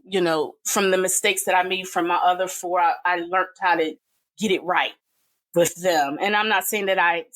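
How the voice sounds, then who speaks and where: A middle-aged woman speaking as a podcast guest, giving an earnest and emotional personal testimony with pauses and fillers. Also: on the low side, fairly bright tone, low-quality recording.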